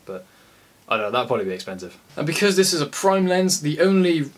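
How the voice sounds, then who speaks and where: A man's voice: on the high side, big pitch swings, fast. Sweary rambling English guy. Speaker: photographer reviewing a lens. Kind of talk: casual vlog chat.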